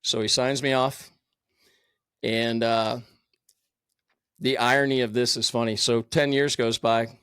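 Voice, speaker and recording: A man's voice: mid-range voice, little pitch movement, a little slow, pauses often, fairly bright tone, smooth, no room sound, clean studio sound. A middle-aged man, a firefighter captain, telling his own story candidly in a blunt, profane way with plenty of fillers. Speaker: podcast guest, firefighter captain.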